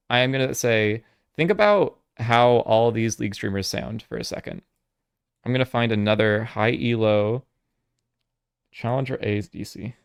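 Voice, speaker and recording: A man's voice: on the low side, gravelly, clean tone. A young man streaming from home, chatting casually and reacting to other streams, swearing freely and laughing often.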